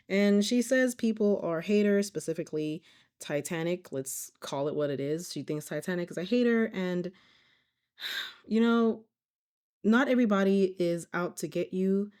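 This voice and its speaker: A woman's voice: lowish voice, a little mellow, smooth. A woman hosting a reaction commentary video, summarizing a clip for viewers in a wry, direct way. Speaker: YouTube commentary host.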